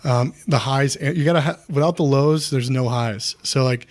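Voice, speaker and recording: A man's voice: medium pitch, moderate pace. A man in his thirties, a former wrestler, talking candidly as a podcast guest in a rambling, earnest way full of restarts. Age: 30s.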